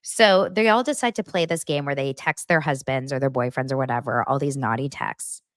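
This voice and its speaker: A woman's voice: rumbling low, a little fast, dry recording, clean studio sound. A woman hosting a chatty reality TV gossip recap, talking straight to her viewers. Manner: animated, chatty, addresses viewers directly. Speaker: host.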